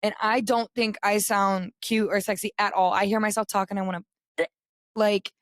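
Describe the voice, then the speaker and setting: Chatty raspy-voiced young woman. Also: medium pitch, moderate pace, dry recording, clean studio sound. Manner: chatty, animated storytelling. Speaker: podcast co-host. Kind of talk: casual chat.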